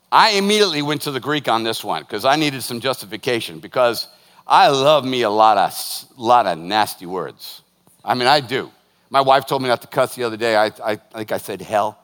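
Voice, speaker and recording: A man, a pastor preaching a sermon, lively and joking as he tells stories to his congregation. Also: fairly high pitch, normal speed. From northern United States. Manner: lively, joking, animated storytelling. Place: church hall. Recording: long hall reverb.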